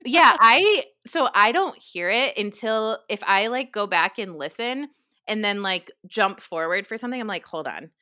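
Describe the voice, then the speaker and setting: A woman's voice: mid-range voice, moderate pace, bright, forceful tone, dry recording, clean studio sound. A young woman with a New York accent co-hosting a podcast, talking frankly and animatedly with a friend. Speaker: podcast co-host. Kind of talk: casual podcast chat.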